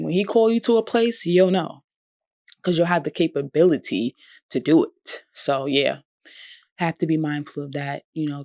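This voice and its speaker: A woman's voice: deep voice, gravelly, darkish tone, dry recording, studio quality. A young woman vlogger, talking in a heartfelt, conversational way about healing and forgiveness. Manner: heartfelt, conversational, drops into bursts of laughter. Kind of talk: emotional personal reflection.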